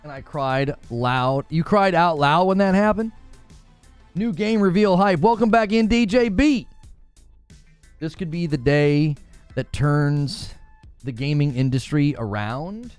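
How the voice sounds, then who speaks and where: Animated gaming streamer with twang. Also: male voice, a little high, takes it slowly, clean tone, no room sound, faint music behind. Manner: chatty, talks to chat viewers, animated. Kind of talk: casual live-stream chat.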